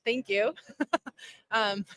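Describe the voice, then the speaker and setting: A woman chatting on a live show at a conference, talking fast and laughing easily. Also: fairly high pitch, bright, forceful tone, dry recording. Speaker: guest. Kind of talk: casual live chat. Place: conference hall.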